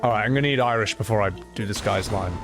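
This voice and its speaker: A man's voice: lowish voice, quick pace, over music. A man streaming a game, rambling in casual commentary and swearing freely.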